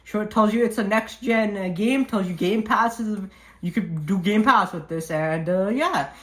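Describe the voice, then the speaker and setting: A woman vlogging an unboxing at home, talking into a handheld camera in an excited, rambling, slangy way and laughing at herself. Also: medium pitch, moderate pace. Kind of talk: casual unboxing vlog. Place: at home by a desk. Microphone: handheld camera mic.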